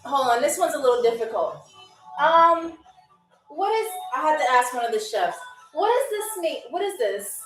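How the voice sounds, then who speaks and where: A high-pitched woman hosts a live trivia game show, teasing her commenters playfully and sounding phrases out slowly. She stands a bit back from the mic in an echoey room, with faint music behind her. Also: expressive, far from the mic. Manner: slow, careful spelling-out of foreign phrases.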